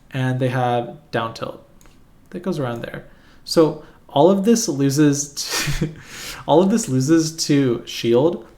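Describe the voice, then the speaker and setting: A man's voice: medium pitch, darkish tone. Rambling, self-mocking young man. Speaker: competitive gamer explaining matchups. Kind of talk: casual explanatory commentary while drawing.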